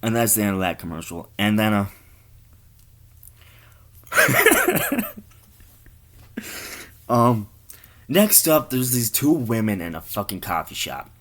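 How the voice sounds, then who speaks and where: Animated, rambling male storyteller. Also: fairly low pitch, takes it slowly, long pauses. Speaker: comedian. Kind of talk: comic storytelling.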